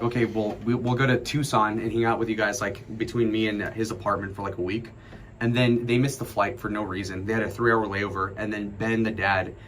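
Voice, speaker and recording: Guy in his 20s, deepish voice, rambling profane storytime on stream. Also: slight background noise. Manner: rambling, profane, animated retelling. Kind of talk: casual livestream storytelling.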